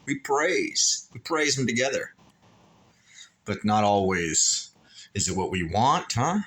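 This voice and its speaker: A man's voice: fairly low pitch, very animated, measured pace, fairly bright tone. A man on a pilgrimage talking to his phone camera in a hotel room, rambling and emotional as he thinks aloud. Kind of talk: rambling vlog monologue.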